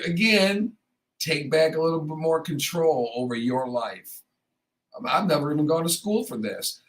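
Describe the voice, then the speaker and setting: A man's voice: a little high, a bit bright, low-quality recording. A man hosting a morning radio show in a studio, chatting casually in a rambling, joking, self-deprecating way, with a slightly froggy voice. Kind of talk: casual on-air chat.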